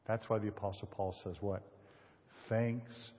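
Husky-voiced male pastor preaching in a hall. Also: mid-range voice, a little slow. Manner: rhetorical questions to the congregation, swings from loud emphasis to hushed. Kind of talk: sermon. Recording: lo-fi sermon audio with long hall reverb.

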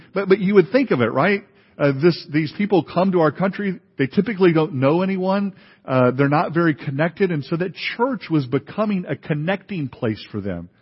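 A pastor giving a sermon in a conversational way, with many fillers and restarts. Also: male voice, a little high, breathy edge. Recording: dull, lo-fi recording in a reverberant hall.

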